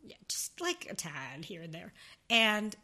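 A woman's voice: on the low side, very animated, measured pace, sharp tone. A woman from New Jersey co-hosting a podcast, chatting candidly and joking with frequent swearing. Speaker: podcast co-host. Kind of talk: casual podcast chat.

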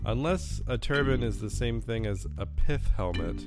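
A man's voice: medium pitch, animated, moderate pace. A man hosting a podcast, teasing his co-hosts and reading trivia questions out plainly. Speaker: podcast host, trivia quizmaster. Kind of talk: casual podcast chat. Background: guitar music.

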